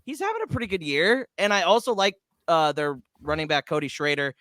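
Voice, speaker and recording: Man, high voice, crisp and clear, dry close sound, casual sports podcast, excitable, stammers. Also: fairly quick, no room sound. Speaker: podcast co-host.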